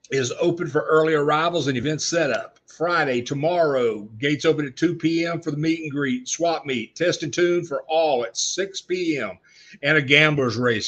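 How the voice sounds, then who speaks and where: A man's voice: a little high, fairly bright tone. A middle-aged man hosting a casual live-stream chat show from his workshop. He rambles, with lots of "uh" and restarts, and he keeps fighting off a cough. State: coughing spells. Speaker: show host.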